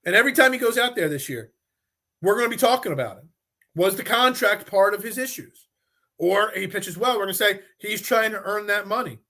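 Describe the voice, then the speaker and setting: A man's voice: high voice, fairly quick. A man hosting a sports talk show, giving opinionated takes with restarts and repeated phrases. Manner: animated, repeats himself when making a point. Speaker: sports podcast host.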